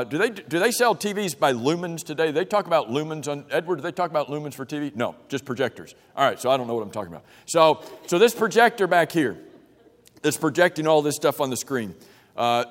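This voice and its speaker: A man leads a Bible class, reading scripture aloud and stopping often to put questions to his listeners. His voice sits a little high for a man. He talks casually and restarts his sentences, and a long reverb hangs on every phrase in the church room. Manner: conversational, questions the group, frequent restarts. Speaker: Bible study teacher. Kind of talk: interactive Bible class teaching. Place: church meeting room with a projector.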